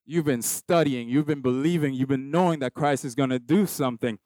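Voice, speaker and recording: A young man preaching a sermon at a baptism service, repeating short phrases and building to loud, emphatic peaks. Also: mid-range voice, brisk, no room sound. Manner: rhythmic repetition, rising to loud emphatic peaks. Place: church hall with a congregation of about two hundred.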